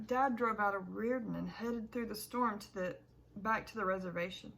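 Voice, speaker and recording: Gravelly woman narrating an audiobook. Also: medium pitch, measured pace. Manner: expressive, emotional storytelling. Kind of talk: first-person audiobook narration.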